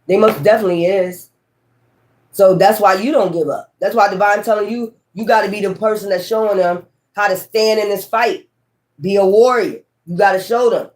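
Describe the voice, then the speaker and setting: A woman tarot reader talks straight to her viewers in a loose, casual chat. She is blunt and profane, repeats her points for emphasis, and her voice sits at a middle pitch. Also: normal speed, darkish tone.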